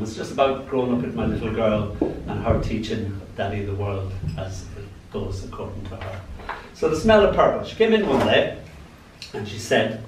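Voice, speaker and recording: An older Irish man reading his poems aloud at a live event, playful and lilting, with sudden swings between soft and loud. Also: on the low side, slight background noise. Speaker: poet. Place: event venue. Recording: echoey room from far off, faint ambience.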